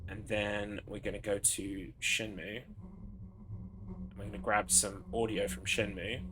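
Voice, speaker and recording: A man's voice: fairly low pitch, level tone, a little slow, background noise. A man with an English accent streaming a horror game from his computer. He chats with viewers, answers questions from chat and swears now and then. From England. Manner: chatty, swears, reads chat aloud and answers it. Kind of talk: casual gaming commentary.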